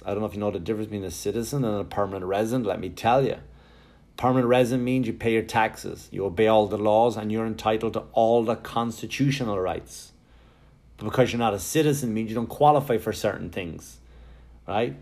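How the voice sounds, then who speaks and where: A comedian in middle age works a stand-up set, swearing freely and acting out little scenes of what he and others say. His voice sits at an everyday male pitch, with a lively storytelling push behind it. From Ireland. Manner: animated, profane storytelling with acted-out quotes.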